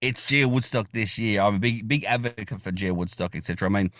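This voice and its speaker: A man's voice: lowish voice, fast talker, fairly bright tone, no echo, clean studio sound. A man with an Australian accent, a podcast guest chatting enthusiastically, rambling with restarts and fillers. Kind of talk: casual interview chat.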